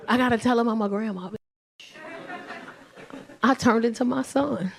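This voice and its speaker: A woman's voice: a little high, moderate pace, gravelly, long pauses, a little mellow. A woman in her forties doing a stand-up comedy set, telling stories in a brash, profane style and laughing often.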